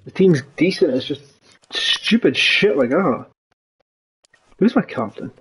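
Ranting and swearing constantly, a young gaming channel host voices his frustration over his football video game, his voice jumping up in anger. He speaks slowly but animatedly in a high-leaning, fairly bright voice, on poor audio with a little hiss or hum.

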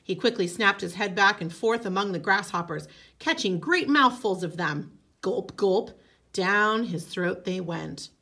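Gravelly woman reading a story aloud. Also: medium pitch, measured pace. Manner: expressive, with casual asides. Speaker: teacher.

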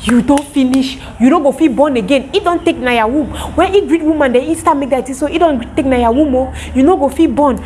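A woman playing a male scam accomplice, Cameroonian Pidgin accent, insistent, raised pitch, warning tone. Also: fairly quick, hardly any pauses, a little mellow, slight background noise, lightly acted. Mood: alarmist. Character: pushy male scam accomplice, mock-alarmed.

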